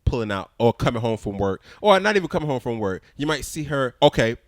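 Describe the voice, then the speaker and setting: Here a young co-host on a podcast talks fast in a mid-range voice, telling his story in a direct, no-nonsense way. He animatedly performs both sides of the conversation, and the clean studio sound has no echo.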